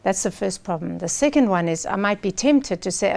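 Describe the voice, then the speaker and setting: Woman coach, gravelly voice, lively storyteller, studio interview guest. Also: medium pitch, brisk. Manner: animated storyteller, acts out quoted speech.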